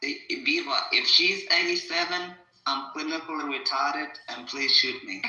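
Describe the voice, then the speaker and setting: A man's voice: on the high side, moderate pace, pushed and bright, faint music behind. A man teasing and joking brashly in a casual chat, swearing freely. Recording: roomy echo.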